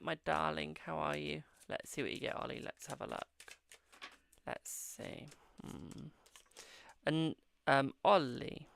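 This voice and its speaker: A man's voice: a little high, vocal fry, fairly bright tone, smooth, dry recording. A man hosting a casual live-stream tarot reading, chatting affectionately with viewers and calling them "my darling".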